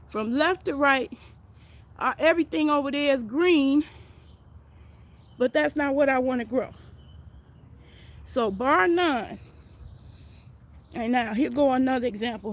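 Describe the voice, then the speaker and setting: An older woman, out of breath, chatting folksily as she walks viewers through her backyard garden outdoors on a phone. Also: sits high. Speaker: gardening vlogger. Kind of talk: casual walking garden tour.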